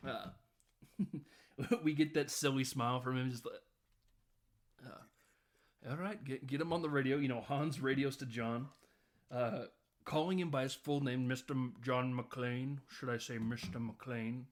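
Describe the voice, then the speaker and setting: A man's voice: medium pitch, steady tone, takes it slowly, long pauses. A man recapping a film in a casual podcast, rambling and laughing often. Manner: rambling, chuckling, lots of fillers. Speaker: podcast host.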